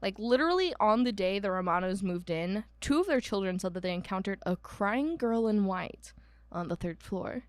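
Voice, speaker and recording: A woman's voice: mid-range voice, expressive, moderate pace, dry recording. A woman from Ohio co-hosting a podcast, telling a ghost story in casual chat with lots of ums. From Ohio, United States. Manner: chatty, many ums, laughs at herself. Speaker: podcast co-host.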